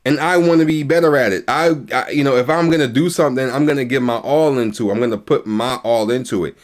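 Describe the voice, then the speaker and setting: A man's voice: medium pitch, quick pace. A man giving casual reaction commentary, agreeing often and speaking in loose slang with restarts. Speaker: YouTube reaction host.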